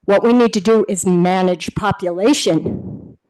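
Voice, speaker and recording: A woman's voice: medium pitch, unhurried, dark tone, poor audio. A woman giving a combative public comment at a city board meeting. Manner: indignant, combative.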